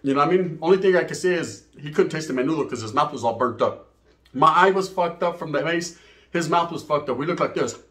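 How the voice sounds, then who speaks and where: With a high-leaning, fairly bright voice, the middle-aged man talks fast as he hosts his channel and tells a profane, streetwise tale to camera. It's a casual storytelling monologue mixed with Spanish slang. He habitually tosses in "right?" and "you know what I mean?"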